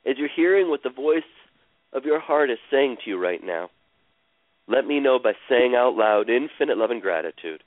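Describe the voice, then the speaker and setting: Calm man guiding a healing session. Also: medium pitch, dry recording. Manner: slow, soothing, repeats phrases. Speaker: healer guiding a caller on a radio show. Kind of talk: guided emotional healing session. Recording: dry, tinny phone-like radio sound.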